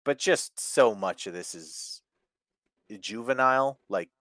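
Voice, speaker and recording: A man hosting a casual wrestling review podcast, animated and profane, laughing often. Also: fairly low pitch, slow pace, no echo, clean studio sound. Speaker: podcast host.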